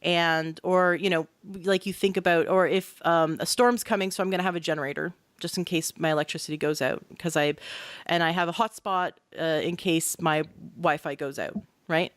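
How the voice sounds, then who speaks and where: A woman hosting a podcast, explaining and telling stories in an animated, conversational way, with many casual fillers. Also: fairly low pitch, normal speed, clean tone, dry recording. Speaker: podcast host.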